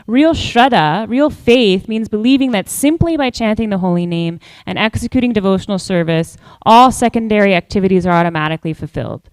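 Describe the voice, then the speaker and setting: A woman teaching a devotional class in an unhurried, measured way, leaning on key phrases as she tells a story. Her voice sits at an ordinary middle pitch. The sound is dry and close. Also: clear, resonant tone, dry recording, rough recording. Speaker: class speaker.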